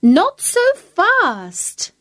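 A woman voicing a skinny, hungry cat that whines in a high, drawn-out voice. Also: wildly swooping pitch, fairly bright tone, exaggerated voice. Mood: whining. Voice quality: whiny, drawn-out.

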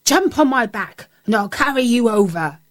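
A woman's voice: a little high, lively intonation, normal speed, lightly acted. A woman voicing a scruffy, clever old dog with a hearty, cheerful way of talking. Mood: eager.

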